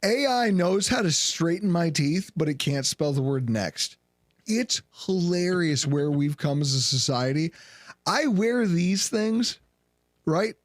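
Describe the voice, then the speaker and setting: A man's voice: fairly high pitch, a little slow, no room sound, studio quality. A man co-hosting a podcast, telling jokey stories in casual banter. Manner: joking, animated storytelling. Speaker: podcast co-host.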